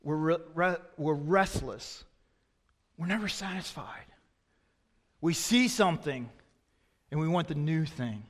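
A man preaching a sermon in a conversational, storytelling way, swinging between loud emphatic phrases and hushed asides. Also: on the high side, lively intonation, slow, long pauses. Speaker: pastor. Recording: long reverb of a large hall.

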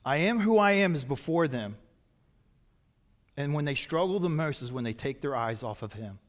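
Man, pastor, sermon, loud peaks and hushed asides, slightly high voice, long hall reverb. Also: animated, moderate pace. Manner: swings from loud emphatic peaks to quiet low asides.

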